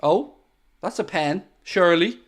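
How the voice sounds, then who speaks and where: Excitable male football watchalong streamer. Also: sits high, a little slow. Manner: excitable, bursts into loud groans at near misses, chatty asides to viewers. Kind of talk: live match commentary with chat.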